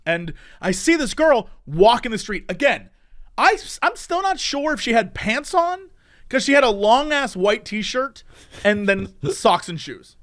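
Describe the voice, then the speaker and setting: A man's voice: extremely high pitch, big pitch swings, measured pace, a bit bright. A man co-hosting a podcast, telling a story in casual chat and laughing often as he goes. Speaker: podcast co-host.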